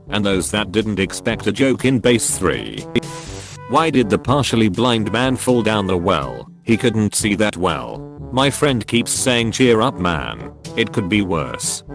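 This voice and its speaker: Male narrator, low and lively, deadpan joke reading, faint music underneath. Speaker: narrator reading Reddit posts. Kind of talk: scripted narration of jokes.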